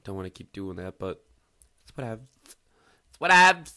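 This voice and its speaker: A man's voice: sits low, fairly even intonation, fairly quick, creaky, darkish tone, clear, resonant tone. A man giving casual let's-play commentary over a building game, rambling, swearing freely and poking fun at himself. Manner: rambling, profane, self-mocking. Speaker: gaming video host.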